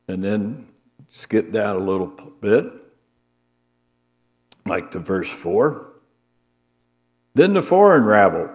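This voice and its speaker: A man's voice: mid-range voice, a little mellow, long reverb tail. A man preaching an evening sermon in a homely, plain way, reading scripture aloud and explaining it as he goes.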